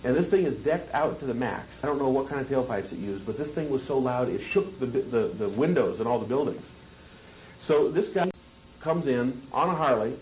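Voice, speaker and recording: A man's voice: mid-range voice, expressive, normal speed, darkish tone, a little hiss or hum, low-quality recording. Man teaching hypnosis in a casual seminar lecture. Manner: conversational, keeps checking in with the room. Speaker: hypnosis trainer.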